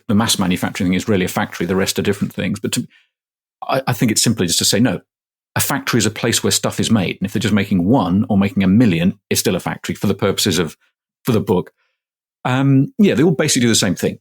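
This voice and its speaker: A man's voice: fairly low pitch, slightly rough. A middle-aged man, a professor, answering interview questions casually and explaining step by step with everyday examples. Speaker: guest, manufacturing professor.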